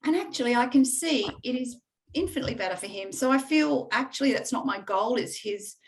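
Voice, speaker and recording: A woman's voice: a little high, expressive, fairly quick, slight background noise, poor audio. Reflective woman talking with many fillers. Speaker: coaching client. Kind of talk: candid testimonial conversation.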